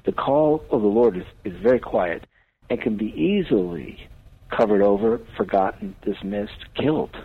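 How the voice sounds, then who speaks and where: A man's voice: lowish voice, expressive, normal speed, gravelly, slightly rough. A man, a priest, talking earnestly on a radio talk show with a preaching cadence. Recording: tinny phone-line radio audio.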